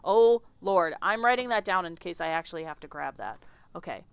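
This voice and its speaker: A woman streamer reading a visual novel aloud in an animated, chatty way, often laughing. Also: fairly low pitch, quick pace, vocal fry, clear, resonant tone, dry recording.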